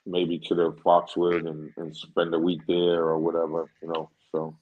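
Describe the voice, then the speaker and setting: A man's voice: low voice, completely flat delivery, moderate pace, phone-quality sound. A man guesting on a podcast, telling stories in a rambling, casual way and often checking in with "you know what I mean". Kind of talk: casual storytelling.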